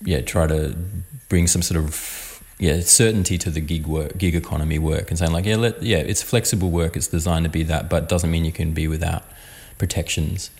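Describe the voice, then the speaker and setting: A man with a notably low voice talks through a subject on a podcast. He speaks casually, restarting his phrases as he goes. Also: little pitch movement, a little mellow. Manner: talks in quick bursts with restarts. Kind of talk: casual chat.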